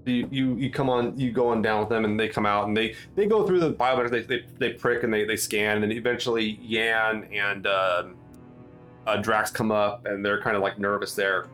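A man's voice: lowish voice, flat delivery, normal speed, fairly bright tone, soft background music. A man running a tabletop game as game master, talking loosely with many fillers and restarts. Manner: rambling, full of fillers and restarts.

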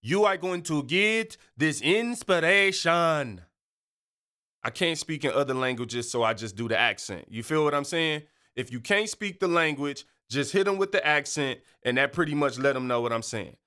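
A man's voice: mid-range voice, lively intonation, fairly quick, few pauses, sharp tone, smooth. A man hosting his own podcast in a casual solo monologue, playful and joking, then earnest and encouraging. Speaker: podcast host.

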